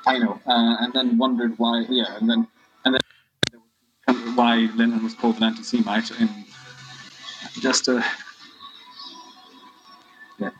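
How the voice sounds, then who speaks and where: A man talking as a podcast guest in casual chat, halting, with lots of restarts and fillers. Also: medium pitch, flat delivery, dull audio, over music.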